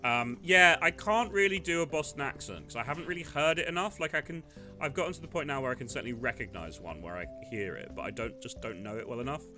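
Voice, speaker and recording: A man's voice: mid-range voice, fast, music in the background. A man chatting wryly and self-deprecatingly while playing a game. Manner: wry, self-deprecating, laughs often. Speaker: game player.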